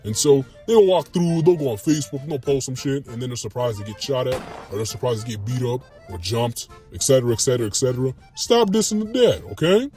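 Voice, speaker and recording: A man's voice: medium pitch, quick pace, hardly any pauses, warm tone, soft background music. A man telling a comic street story in a loose, slangy way, laughing as he goes. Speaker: comedian telling a skit.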